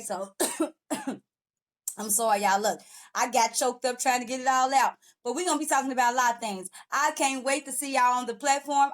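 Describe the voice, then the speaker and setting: Sassy high-voiced woman podcast host. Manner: sassy, preachy, addresses audience as y'all. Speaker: podcast host and motivational coach. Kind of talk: casual direct-to-camera podcast intro.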